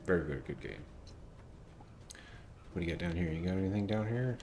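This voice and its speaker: Low-voiced dude rambling and joking thru a game, faint room hum. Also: male voice, lively intonation, a little fast, darkish tone. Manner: chatty, jokey, thinks aloud. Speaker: gaming streamer. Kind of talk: casual gameplay commentary.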